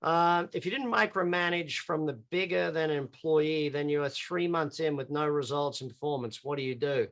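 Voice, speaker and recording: A man's voice: fairly high pitch, moderate pace, hardly any pauses, fairly bright tone. A middle-aged Australian man in a chatty, off-the-cuff live online coaching session, answering questions over a video call. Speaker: business coach.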